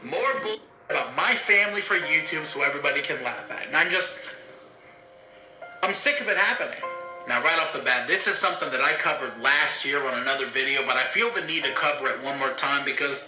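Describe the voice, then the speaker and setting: A man's voice: fairly high pitch, a little fast, pushed and bright. A man vlogging to his own camera in a bitter, heated rant, swearing often. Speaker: YouTuber. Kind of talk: angry vlog rant. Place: indoors, talking to own camera. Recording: roomy echo, faint music.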